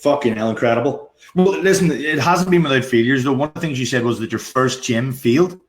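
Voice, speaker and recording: Guy hosting a podcast, talks quick, swears a lot, blunt and keen. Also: medium pitch. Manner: blunt, profane, enthusiastic. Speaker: podcast host. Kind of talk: casual interview chat.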